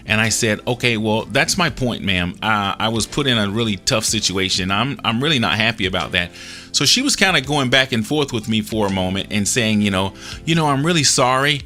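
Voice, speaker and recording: A man with a low, bright, forceful voice recounts a personal story in a casual, earnest tone. He acts out both sides of each conversation and restarts his sentences now and then. Faint music plays behind him. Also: brisk. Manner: earnest, retells dialogue with small restarts. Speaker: host telling a personal story.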